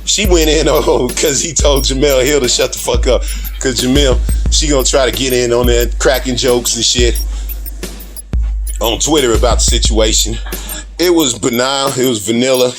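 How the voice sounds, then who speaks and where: A man's voice: mid-range voice, normal speed, faint music behind. A man talking straight to camera in a heated, profane monologue, laughing between his points. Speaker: video diarist. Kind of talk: casual ranting monologue.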